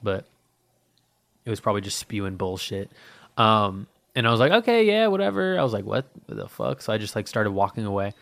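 Low-voiced man rambling, swearing. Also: a bit bright, dry recording. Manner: profane, rambling, heavy with fillers. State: dry-mouthed and thirsty. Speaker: podcast host. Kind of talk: casual rambling monologue.

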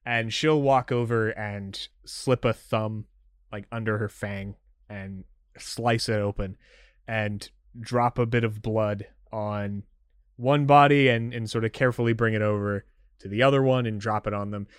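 Casual male game master narrating, mid-pitched, dry close mic. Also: fairly even intonation, measured pace, smooth, no echo. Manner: casual, filler-heavy narration.

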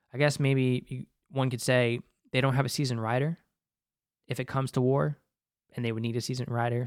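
A man's voice: medium pitch, a little mellow, no room sound, studio quality. Exasperated profane man reviewing an episode. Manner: profane, exasperated, rambling with many fillers. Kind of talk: casual spoken commentary.

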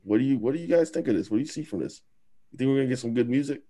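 A young man co-hosting a casual podcast, setting up topics slowly with a sarcastic, deliberate manner. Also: mid-range voice, expressive, warm tone. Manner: sarcastic, leads topics with slow deliberate setups. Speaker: podcast co-host. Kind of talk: casual chat.

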